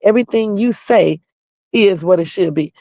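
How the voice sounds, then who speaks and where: A woman putting on the voice of a meek, submissive woman who agrees with her man, slow and mocking. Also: medium pitch, gravelly, dark tone, dry recording, clean studio sound, close to an everyday voice.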